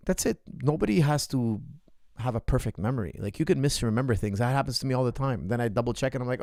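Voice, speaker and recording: A man's voice: medium pitch, lively intonation, fast, gravelly, a little mellow, dry recording, clean studio sound. A man hosting a show as a coach, giving casual reaction commentary in short, repeated bursts. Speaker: martial arts coach and show host.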